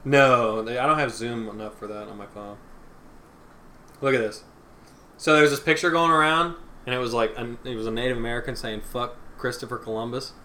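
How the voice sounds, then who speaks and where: A young man with a bright, sharp voice trading crude jokes on a homemade podcast. He teases and laughs easily. A faint background hum sits under him, picked up by one desk mic several feet away in a small apartment. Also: medium pitch, fairly quick. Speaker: podcast co-host. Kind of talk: casual chat. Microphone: one shared desk mic about three feet away.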